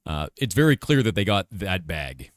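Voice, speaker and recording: Lively low-voiced angry male streamer. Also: moderate pace, no echo, clean studio sound. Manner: angry, profane, emphatic. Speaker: streamer and game developer. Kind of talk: casual live-stream rant.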